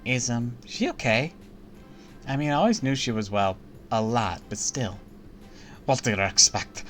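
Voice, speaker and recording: A man streamer reading a game's story dialogue aloud in a quick, lively way. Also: mid-range voice, soft background music.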